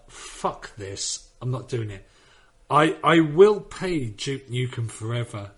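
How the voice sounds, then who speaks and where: A man chatting casually on a gaming podcast, rambling and swearing as he tells jokey stories. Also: medium pitch. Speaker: podcast panelist.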